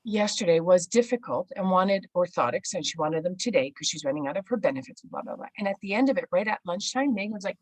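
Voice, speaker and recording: A woman who runs a clinic, chatting over a video call and venting in an animated way, acting out what her staff say. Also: mid-range voice, brisk, dry recording, poor audio. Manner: animated, venting, acts out quotes. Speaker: clinic owner. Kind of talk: casual chat.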